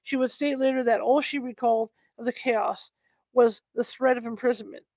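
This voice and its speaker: A woman reads a nonfiction history book aloud in a somewhat high voice, pausing to fix her stumbles and toss in casual remarks. Her allergies are bothering her. The sound is close and dry, with no room echo. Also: steady tone, a little mellow. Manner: stumbles and corrects herself with chatty asides.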